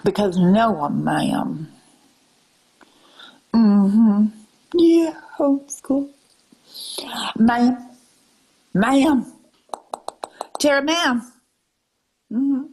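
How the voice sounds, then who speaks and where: A woman drawls in an exaggerated Southern accent as she scolds her live-stream viewers. She talks slowly, and her voice is husky. She calls her viewers ma'am and darling and slips into breathy half-whispers. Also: a little high, animated, a little mellow, low-quality recording. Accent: put-on Southern US drawl. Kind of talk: lecturing live-stream rant.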